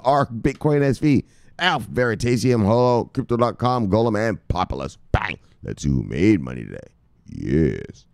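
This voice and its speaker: A man's voice: mid-range voice, darkish tone, no room sound, clean studio sound. Rambling, profane male crypto show host. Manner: rambling, profane, jokey, addresses viewers as brothers. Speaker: crypto news video host. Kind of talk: casual profane commentary.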